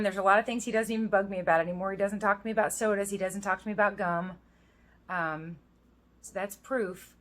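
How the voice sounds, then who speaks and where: A woman's voice: medium pitch, fairly bright tone. A woman in her thirties talking casually and earnestly to her viewers, reading scripture verses aloud. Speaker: vlogger. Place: outdoors in the rain.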